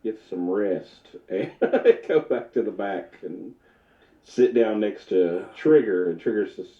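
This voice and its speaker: A man playing a tabletop role-playing game, laughing often and talking in a halting, easygoing way. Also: fairly low pitch, lively intonation. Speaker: tabletop player. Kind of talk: casual tabletop role-play. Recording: echoey, muffled.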